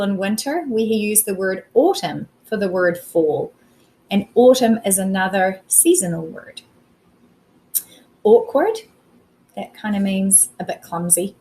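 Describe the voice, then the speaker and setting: A woman's voice: mid-range voice, a little mellow, poor audio. A woman teacher recording a spelling lesson, explaining each word patiently with simple examples. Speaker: primary school teacher.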